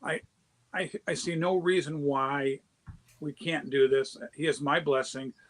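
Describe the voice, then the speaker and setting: Guy with a higher voice telling a story on a podcast, animated, restarts a lot. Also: rough recording. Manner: animated anecdote teller, quick restarts. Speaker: guest, charity founder. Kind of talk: casual storytelling.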